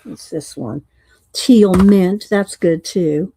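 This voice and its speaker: A woman's voice: lowish voice, slow pace, vocal fry, mellow, rough recording. Woman, art live stream, chatty, talks herself through choices, faint noise. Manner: thinks aloud, chatty, picks and names paint colors; reads viewer chat aloud. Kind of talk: casual live-stream craft demo.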